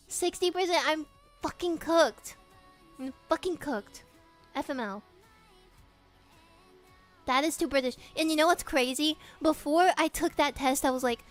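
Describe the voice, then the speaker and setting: A woman's voice: high voice, unhurried, pauses often, faint music behind. A young woman streamer chatting casually with her viewers, giggling often, swearing freely and reading their questions aloud. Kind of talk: casual live-stream chat.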